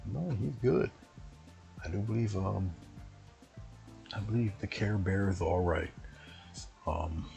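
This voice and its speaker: Brief: low-voiced man with gravel in it, loose chatty painting instructor, faint music under. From US East Coast. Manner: rambling, chatty, talks to himself while working. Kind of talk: casual painting demo.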